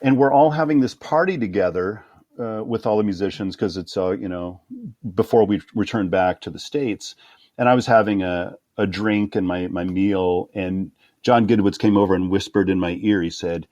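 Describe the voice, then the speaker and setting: Low-voiced man telling lively stories. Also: moderate pace, no room sound, dull audio. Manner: animated anecdotes, acting out quoted voices with laughs. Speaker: guest conductor. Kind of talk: storytelling interview.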